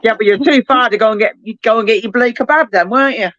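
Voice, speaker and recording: A woman's voice: fairly high pitch, fast talker, a bit bright, dry recording. A woman chatting casually on a live stream, teasing and laughing easily. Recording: dull, dry lo-fi sound.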